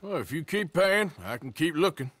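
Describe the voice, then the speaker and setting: Game role: a blunt, laconic gunman, lively in pitch. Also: normal speed. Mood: dry. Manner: dry, blunt, terse. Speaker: game character.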